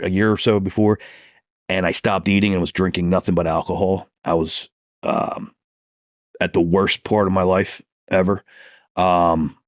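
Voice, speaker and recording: A man's voice: deep voice, no echo, studio quality. A man, a police detective, telling stories from the job in a podcast interview, swearing freely and acting out heated phone calls.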